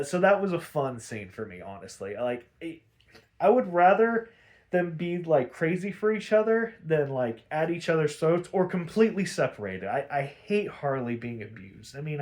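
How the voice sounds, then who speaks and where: A man hosting a podcast, recapping an episode in a casual, rambling, animated way with a lot of swearing. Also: on the high side. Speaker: podcast host.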